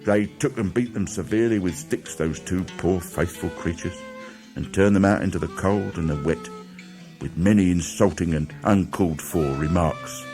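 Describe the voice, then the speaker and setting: A man narrating a children's classic as an audiobook, dramatic and animated. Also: sits low, unhurried, music in the background. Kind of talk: storybook narration.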